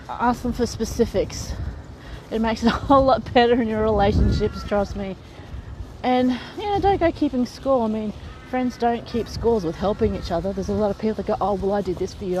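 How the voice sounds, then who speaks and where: A woman's voice: on the high side, a little mellow, low-quality recording. Woman vlogger, frank and chatty, straight-talking advice, light laughs, faint noise behind. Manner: chatty, frank, often laughs mid-sentence. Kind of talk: casual advice talk to camera.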